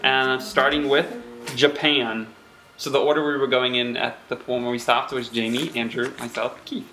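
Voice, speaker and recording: A woman podcast host in casual chat, brisk and organized. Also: very deep voice, fairly even intonation, fairly bright tone, slight background noise, rough recording.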